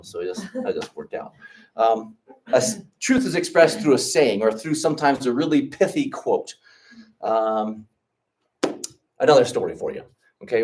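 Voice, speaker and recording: A man giving an orientation lesson through stories, animated and conversational. He keeps checking in with his listeners as he goes. His pitch moves widely through each sentence. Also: distant mic, slight background noise. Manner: animated, checks in often with 'okay?' and 'right?'. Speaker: trip leader and teacher. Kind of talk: orientation talk with storytelling.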